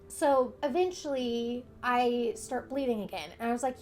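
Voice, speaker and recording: A young adult woman vlogger tells a personal story candidly and conversationally, retelling events by quoting and acting out what others said. Her voice is on the high side and a little mellow, at a normal speed, with faint music behind her.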